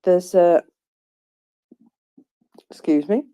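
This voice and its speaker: A woman's voice: fairly low pitch, extremely slow, dark tone, smooth, dry recording, rough recording. A woman in casual live chat about war news, rambling with many fillers and restarts. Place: at home, first thing in the morning. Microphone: phone or headset in live audio room.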